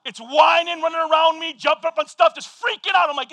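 A middle-aged male pastor giving a sermon, telling a story with lively energy and shouting at the high points. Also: no echo. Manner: animated storytelling, shouting at peaks, quick asides.

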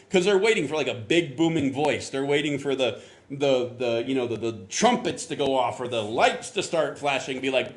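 Casting: male pastor from Florida, fairly high pitch, chatty sermon delivery that acts out little sounds and voices. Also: expressive, normal speed. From Florida, US South. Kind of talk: conversational sermon.

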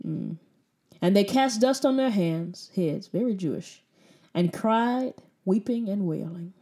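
A woman's voice: mid-range voice, expressive, slow, warm tone. A woman preaching a sermon with emphatic repetition and pointed rhetorical questions.

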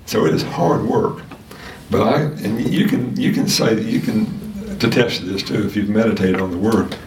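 Male Sunday school teacher, lower voice, halting delivery full of fillers, distant mic in an echoey room with faint noise. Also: a little mellow. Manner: halting, many restarts and fillers. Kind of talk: casual church lesson. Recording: roomy sound from a distant mic.

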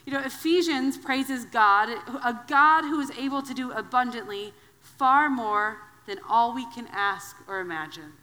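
A woman from Wisconsin, in her thirties, preaching a sermon as a guest preacher, telling personal stories in a conversational, animated way. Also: on the high side, measured pace, hardly any pauses. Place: church sanctuary. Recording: long hall reverb.

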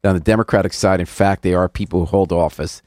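Brisk radio host, man. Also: low voice, steady tone, a little mellow, no room sound, clean studio sound. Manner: brisk, chatty interviewer. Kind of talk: radio interview. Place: radio studio.

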